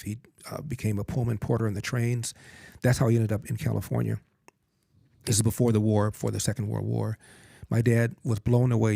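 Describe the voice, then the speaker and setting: Older man in his sixties, mellow dark voice, dry close sound, earnest emphatic storytelling, interview guest. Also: on the low side, gravelly, slightly rough, no echo. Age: 60s. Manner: earnest, emphatic storyteller who acts out quotes. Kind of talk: personal storytelling in conversation.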